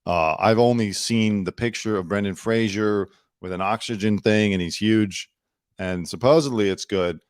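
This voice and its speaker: A man's voice: lowish voice, clear, resonant tone, no echo, clean studio sound. A young man hosting his own news commentary show from home, chatty and sarcastic, talking into a computer mic. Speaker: host.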